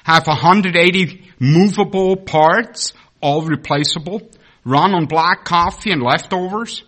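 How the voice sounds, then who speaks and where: A man's voice: on the high side, a little slow, a bit bright, pitched above the performer's own voice. A man voicing God, a patient, proud creator, in a read-aloud story during a sermon. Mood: earnest.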